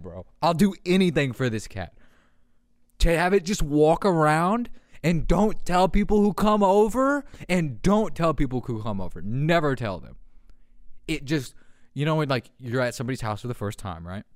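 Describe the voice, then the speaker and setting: A young man hosting a casual podcast, excitable and laughing often, swearing and doing deep meows as he reacts to memes. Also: normal speed, no echo, clean studio sound. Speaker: podcast host. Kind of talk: casual meme commentary. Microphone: handheld podcast mic.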